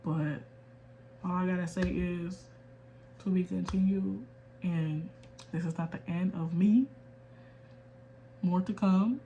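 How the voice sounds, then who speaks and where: A young woman from the US in her twenties talks candidly to camera in a personal rant. She speaks quietly and holds back emotion, then turns firm and emphatic. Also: lowish voice, fairly even intonation, slow, long pauses, dull audio, slight background noise. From United States. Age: 20s. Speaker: vlogger.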